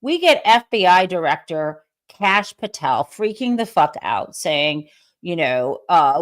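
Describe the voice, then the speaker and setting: A woman's voice: lowish voice, big pitch swings, takes it slowly. Snarky woman hosting a commentary show. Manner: snarky, casual, swears freely. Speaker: host.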